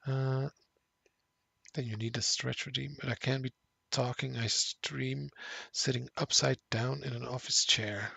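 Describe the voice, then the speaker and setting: A man chatting loosely while he plays, wandering from thought to thought and filling the gaps as he goes. His voice has a crisp, bright top with a gravelly rasp underneath, and it sounds dry and close. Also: medium pitch, steady tone, unhurried, dry recording. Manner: rambling, thinking aloud with fillers. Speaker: streamer. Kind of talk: casual gameplay commentary.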